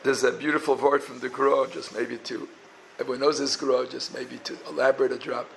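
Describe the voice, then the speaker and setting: Gravelly rabbi with a lilt. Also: male voice, medium pitch, steady tone, normal speed, a bit bright, a little hiss or hum, poor audio. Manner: mixes Yiddish and Hebrew terms into English, chanting phrases with a tune. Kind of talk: Torah talk.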